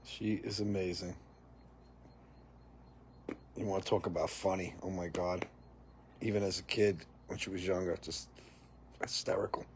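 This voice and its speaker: A man's voice: low-pitched, flat delivery, moderate pace, long pauses, darkish tone, slight background noise. A middle-aged man hosting a casual live chat from a porch, reading viewer comments and laughing often in an amused, talkative way. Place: porch, outdoors.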